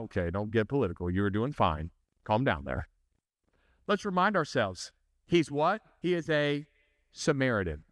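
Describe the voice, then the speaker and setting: High-voiced pastor preaching. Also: male voice, a bit bright, clear, resonant tone, no room sound, studio quality. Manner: conversational, asks the audience questions, jokes. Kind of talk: sermon.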